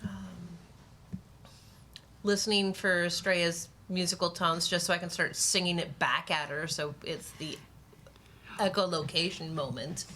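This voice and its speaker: A woman's voice: fairly low pitch, fairly even intonation, unhurried, pauses often, sharp tone. A woman playing a tabletop game, thinking aloud in an easygoing way about her character's next move. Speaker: player.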